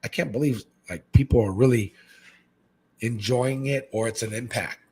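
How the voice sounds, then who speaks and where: A husky man from Hawaii chats as a podcast guest. His voice sits at an ordinary pitch, but he keeps launching into excited, high quoted voices. He drops "man" into nearly every sentence. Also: normal speed. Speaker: guest, fish-keeping content creator. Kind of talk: casual podcast chat.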